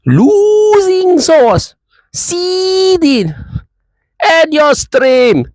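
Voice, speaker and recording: A man doing an impression of a loud, mocking male rival football fan in a put-on Jamaican accent. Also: big pitch swings, drawn-out words, dry recording, full character voice, rough recording. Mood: gloating. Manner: mocking, repeating taunts with a high squeal.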